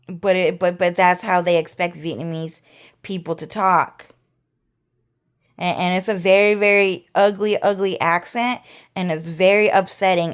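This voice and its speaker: A woman vlogger talking in a rambling monologue, repeating words and restarting her phrases. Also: medium pitch.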